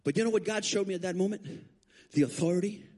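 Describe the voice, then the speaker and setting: A man preaching, his voice fairly high and a little husky. He tells stories as a guest preacher and swings up sharply whenever he acts out a quote. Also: quick pace. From Puerto Rico. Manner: animated, acts out quotes with big pitch jumps. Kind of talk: storytelling sermon. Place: church sanctuary.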